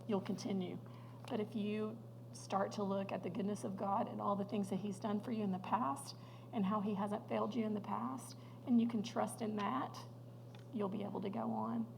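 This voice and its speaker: A woman's voice: mid-range voice, gravelly, darkish tone, slight background noise, rough recording. A middle-aged woman giving an earnest, emotional personal testimony as guest speaker at a church women's luncheon. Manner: earnest, emotional storytelling with light laughs. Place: church hall.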